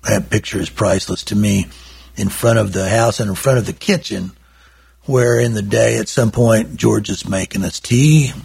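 An older man, his deep voice thick with gravel. It is husky and rough-edged. He tells his stories in a folksy, wandering way, full of asides. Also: moderate pace, darkish tone. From Oklahoma. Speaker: recording engineer and guest. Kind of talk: rambling anecdotal storytelling.

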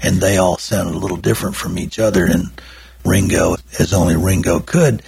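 An older man, his deep voice thick with gravel. It is husky and rough-edged. He tells his stories in a folksy, wandering way, full of asides. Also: fairly even intonation, normal speed, darkish tone. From Oklahoma. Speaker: recording engineer and guest. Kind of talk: rambling anecdotal storytelling.

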